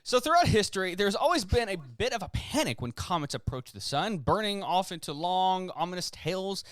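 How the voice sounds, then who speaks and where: A man's voice: high-pitched, big pitch swings, normal speed, fairly bright tone, no room sound. A man co-hosting a podcast who reads history articles aloud in casual chat and stumbles over long words. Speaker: podcast co-host.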